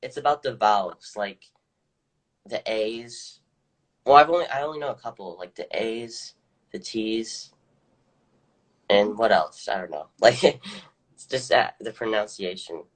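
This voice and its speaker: A man's voice: on the low side, a little slow, long pauses. A young man being interviewed as a guest actor, talking casually and hesitantly with frequent laughs.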